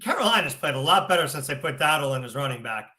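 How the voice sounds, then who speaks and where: A man's voice: on the high side, expressive, fast talker, bright, forceful tone. A man co-hosting a podcast, teasing and sarcastic in a casual sports chat. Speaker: podcast co-host.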